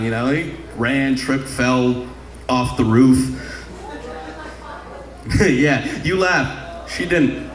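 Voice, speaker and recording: A man's voice: mid-range voice, takes it slowly, long pauses, a little hiss or hum. A young man doing a crude stand-up comedy set on a club stage, rambling into a handheld mic with sung bits. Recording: echoey live club room.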